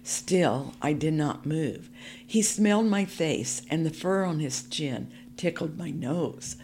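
Woman, low voice, slow pace, calm storybook narration, faint hiss. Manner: calm, measured first-person storytelling. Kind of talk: storybook reading for a podcast.

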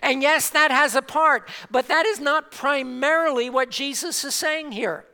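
Slow emphatic preacher in a reverberant hall. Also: male voice, very high-pitched, pushed and bright. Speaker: pastor. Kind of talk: sermon. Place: church sanctuary.

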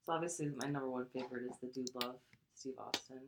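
Low-voiced, fast-talking woman co-host. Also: steady tone, noisy background. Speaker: podcast co-host. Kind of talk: casual chat.

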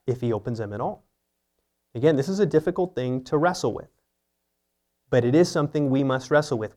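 A man's voice: mid-range voice, darkish tone. Man preaching an earnest sermon. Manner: earnest teaching with rhetorical questions. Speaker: pastor.

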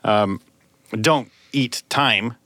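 A man who works as a sound designer, hosting a casual podcast chat and explaining things in a measured way. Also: mid-range voice, bright, forceful tone, no room sound.

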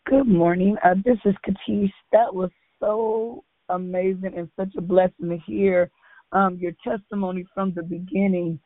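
A man's voice: high-pitched, steady tone, normal speed, dry recording. A man calling into a prayer line, grateful and polite, with many fillers. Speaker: caller. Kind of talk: casual prayer-line chat. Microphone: phone. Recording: dry tinny phone line.

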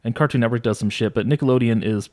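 Excitable swearing man in his thirties. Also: mid-range voice, fast talker. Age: 30s. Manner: laughs often, swears freely, excitable. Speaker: podcast co-host. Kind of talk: casual chat.

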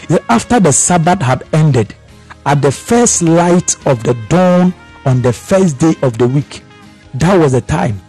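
A man's voice: on the high side, dark tone, breathy edge. A man leading prayer and Bible teaching, chanting fervently in tongues and calling out rhythmic, repetitive prayers. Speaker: pastor.

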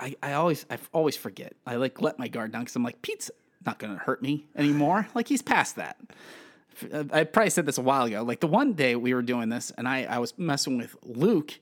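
A man in his thirties co-hosting a podcast, telling stories in a lively, chatty way with plenty of fillers. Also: medium pitch, brisk. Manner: animated storytelling with many fillers. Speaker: podcast co-host. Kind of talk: casual chat.

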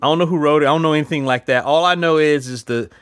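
A man's voice: a little high, very fast, a bit bright, clear, resonant tone, no room sound, clean studio sound. Rambling man chatting about movies. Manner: rambling, many fillers and restarts. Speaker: podcast host reviewing films. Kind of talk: casual chat.

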